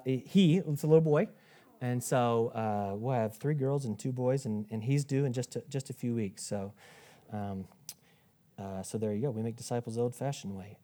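Male pastor in his 30s, lively conversational preaching, quick asides, frequent restarts. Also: medium pitch. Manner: conversational, animated, self-interrupting with restarts and asides. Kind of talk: sermon.

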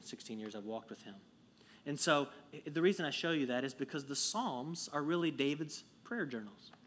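A man preaching a sermon to his congregation, conversational and earnest, dropping to a hush and then rising to emphatic peaks. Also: mid-range voice, slight background noise. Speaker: pastor.

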